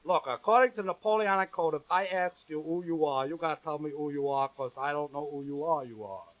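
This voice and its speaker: Pompous aging Frenchman played by a man, fake French accent, broken English, high voice. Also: a little fast, a bit bright, lo-fi sound, lightly acted. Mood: flustered.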